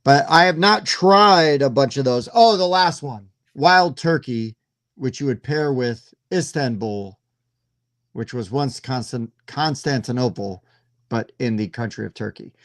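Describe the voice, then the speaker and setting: A man chatting casually on a live show, lively and joking with quick asides. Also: mid-range voice, no room sound, studio quality. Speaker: panelist on a live whiskey and board game show. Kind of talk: casual chat.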